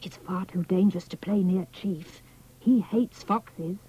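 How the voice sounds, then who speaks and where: A woman voicing a gentle young male hound puppy in a storybook reading, speaking in a hushed, breathy and earnest way. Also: fairly low pitch, a little slow, slight background noise, voice pushed down, close to an everyday voice, rough recording. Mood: worried.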